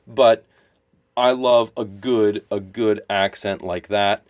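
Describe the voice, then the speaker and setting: A man's voice: lowish voice, steady tone, slow, no echo, studio quality. A man talking casually to his viewers, enthusiastic and rambling, often restarting and correcting himself. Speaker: wrestling video creator. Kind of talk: casual solo commentary to camera.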